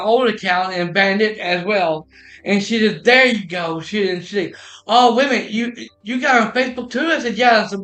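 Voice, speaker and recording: Male streamer, high bright voice, rambling casual storyteller, echoey room with faint music. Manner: rambling, many restarts and retold dialogue.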